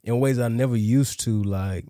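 A man's voice: mid-range voice, moderate pace, warm tone, no echo, clean studio sound. A man hosting a podcast in casual chat, laid-back and slangy, turning reflective. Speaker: podcast host.

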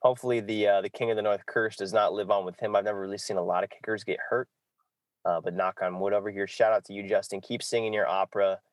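A man's voice: lowish voice, steady tone, fast talker, dry recording. A man hosting a casual sports podcast, loose and jokey, often saying "exactly". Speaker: podcast host.

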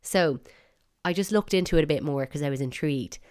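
A woman's voice: sits low, a little fast, a little mellow, clear, resonant tone. A woman with an Irish accent hosting a solo podcast, chatty and wry, with bursts of mock outrage. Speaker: podcast host.

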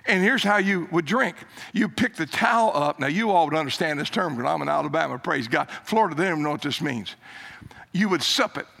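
An older man preaches a sermon as a story. His voice sits high and bright, climbing on emphatic lines and dropping low and soft when he quotes others. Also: lively intonation, fairly quick, vocal fry.

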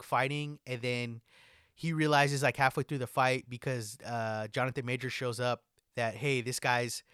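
A man's voice: medium pitch, fairly bright tone, smooth, no echo. A young man chatting casually as a podcast co-host, laid-back, swearing a lot and saying "like" constantly. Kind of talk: casual chat. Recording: dry close mic.

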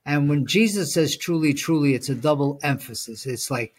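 This is a man with a husky, somewhat high voice, speaking at normal speed. He co-hosts a Bible study podcast, working through ideas thoughtfully in a relaxed way, using lots of fillers and reading scripture out loud.

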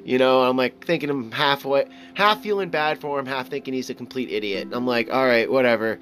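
A young man casually telling an animated, profane anecdote, acting out quoted lines as he goes. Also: mid-range voice, brisk, soft background music.

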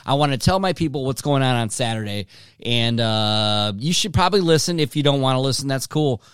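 A man's voice: mid-range voice, expressive, fairly quick, a bit bright, clear, resonant tone, dry recording, studio quality. Rambling, swearing podcast host guy. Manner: profane, rambling, joking with himself. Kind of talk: casual solo podcast rambling. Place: his home.

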